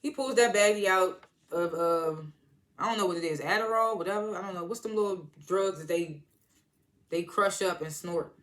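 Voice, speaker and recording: A reviewer giving a casual, animated recap of a TV episode, with loose, chatty talk full of asides and restarts. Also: medium pitch, normal speed. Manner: animated retelling, slipping into quoted lines and laughing.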